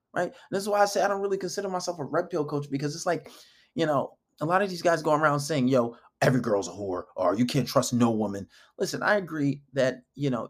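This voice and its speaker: A man giving dating advice in a casual monologue, blunt and emphatic, often acting out quoted dialogue. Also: on the high side. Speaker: dating coach.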